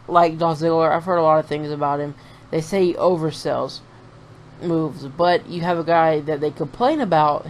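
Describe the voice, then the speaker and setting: A man's voice: a little high, a little hiss or hum. A man talking casually in a reaction vlog, reviewing a wrestling show in a profane, rambling, opinionated rant.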